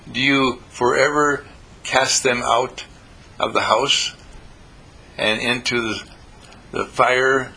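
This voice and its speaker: A man's voice: medium pitch, vocal fry, pushed and bright, slightly rough, rough recording. A man giving a self-help talk, telling stories animatedly and acting out the voices in them. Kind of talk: storytelling talk.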